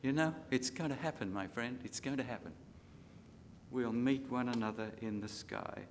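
An older Australian man preaches a sermon, his voice rising for scripture and sinking to near-quiet asides. His words ring out with a long reverb from a large hall, over a faint low rumble. He slows down to dwell on key lines. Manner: dramatic rises and drops in loudness, slows for scripture. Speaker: pastor.

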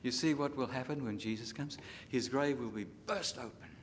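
Older Australian preacher in a hall. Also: male voice, mid-range voice, a little hiss or hum. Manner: dramatic rises and drops in loudness, slows for scripture. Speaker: pastor. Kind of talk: sermon.

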